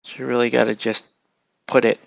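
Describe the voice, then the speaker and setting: A man's voice: mid-range voice, brisk, gravelly, no room sound, muffled recording. A man casually talking through painting a miniature, thinking aloud and trailing off as he works. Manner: relaxed, thinking aloud while painting, trailing off mid-sentence. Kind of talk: casual painting tutorial talk.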